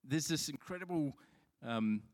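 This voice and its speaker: A man's voice: on the high side, lively intonation, a little slow, a little mellow. A man preaching a sermon as pastor, telling stories in a chatty, self-mocking way with frequent restarts. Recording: long hall reverb.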